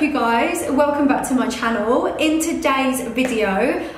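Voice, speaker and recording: A woman's voice: on the high side, a little hiss or hum. Gushing British woman in an echoey room. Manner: gushing, emotional, many restarts. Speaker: beauty vlogger. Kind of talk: casual talk to camera.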